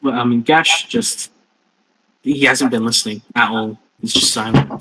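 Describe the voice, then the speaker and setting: A man's voice: medium pitch, steady tone, normal speed, background noise. Laid-back man playing a tabletop game. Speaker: player.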